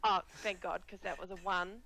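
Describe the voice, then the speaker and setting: A woman's voice: lowish voice, fairly even intonation, creaky, a crowd in the background, low-quality recording. A woman playing a tabletop game, eager and pleading with the game master. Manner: eager, pleading, quick to gasp. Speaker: player. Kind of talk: casual tabletop game chat.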